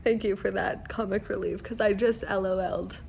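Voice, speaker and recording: A woman's voice: mid-range voice, steady tone, moderate pace, vocal fry, darkish tone, reverberant, a little hiss or hum. A woman book vlogger reacting emotionally as she reads at home, laughing and near tears while talking to herself and the camera. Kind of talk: emotional reading vlog reactions.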